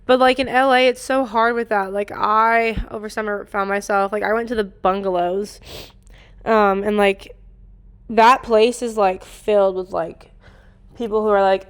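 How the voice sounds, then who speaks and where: A woman's voice: mid-range voice, fairly even intonation, normal speed, clear, resonant tone. A woman of twenty-one, a podcast co-host, telling a rambling story in casual chat, full of fillers. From Los Angeles.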